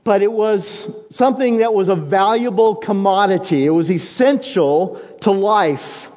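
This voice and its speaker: A higher-voiced man preaches from the pulpit, driving home his points through repetition. He speaks slowly and deliberately. The sound is dull and lo-fi, with a long reverb tail from a big church hall. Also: darkish tone. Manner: emphatic, repeats key phrases for weight. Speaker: pastor. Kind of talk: sermon.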